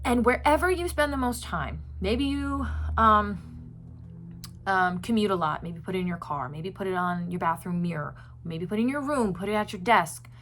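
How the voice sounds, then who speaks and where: A woman's voice: mid-range voice, normal speed, a bit bright, slight background noise. Woman host, casual chat to viewers, earnest and rambling, lots of filler words. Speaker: self-help video host.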